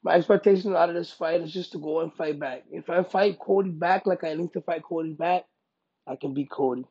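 A male fighter speaks in a casual interview, hammering his points home by repeating them. His voice is gravelly and husky, and the recording sounds dull and lo-fi. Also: on the high side, fairly quick, no echo. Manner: emphatic, repeats himself, bursts into loud excited quoting. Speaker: UFC fighter being interviewed.

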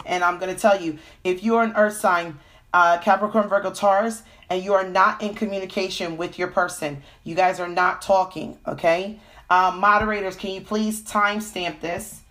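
A woman's voice: mid-range voice, fairly even intonation, brisk, a bit bright. A woman with a cold giving a casual live-stream tarot reading, full of fillers and "okay?" check-ins. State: has a cold. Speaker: tarot reader.

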